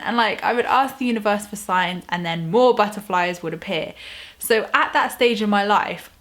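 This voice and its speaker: A young woman, telling a personal story to camera in a chatty, casual way, full of fillers and lively quoted exclamations. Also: mid-range voice. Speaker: lifestyle YouTuber.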